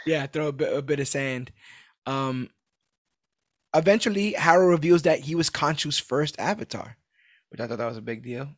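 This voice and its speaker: A man's voice: a little high, moderate pace, long pauses, no echo, studio quality. A man casually recapping a TV episode on a podcast, acting out the characters' lines and laughing as he goes. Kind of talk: casual chat.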